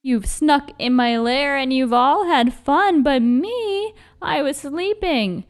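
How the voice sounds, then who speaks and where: A woman voicing a big, sulky male brown bear who whines in a loud, high voice in a storybook read-aloud. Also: slow. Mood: whiny.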